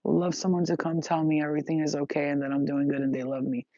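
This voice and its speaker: A woman's voice: low voice, level tone, quick pace, dark tone, no room sound. Woman, spiritual vlogger, profane rambling rant, muffled lo-fi sound, dry room. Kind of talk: venting monologue to viewers. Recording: dull, dry lo-fi recording.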